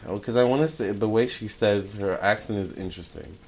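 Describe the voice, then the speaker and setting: A young man giving a casual tarot channeling talk, chatty and excitable, with many fillers and self-corrections. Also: on the low side, a little fast, background noise. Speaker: tarot reader.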